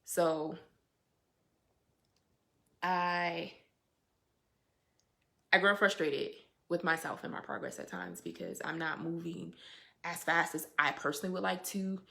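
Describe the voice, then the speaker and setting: A young woman with a lowish, gravelly voice and a bright, forceful edge talks straight to her viewers. She reflects in a casual way, and she turns emphatic and animated as she drives her points home. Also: slow pace, long pauses. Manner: animated, emphatic, with colloquial asides. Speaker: anti-bias educator hosting a weekly update.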